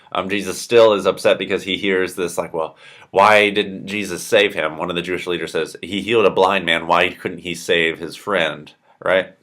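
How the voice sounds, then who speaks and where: Chatty low-voiced young man. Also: fairly bright tone. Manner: chatty, lots of "like" and "right?", acts out quotes. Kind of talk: casual Bible story retelling to kids.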